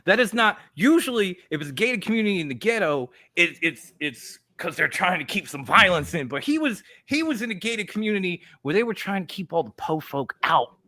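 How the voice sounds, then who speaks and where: A man's voice: sits high, very animated, a little fast, hardly any pauses, bright, forceful tone. A man co-hosting a wrestling podcast, ranting with lots of cursing and mock voices in a casual debate. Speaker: podcast co-host. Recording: online stream.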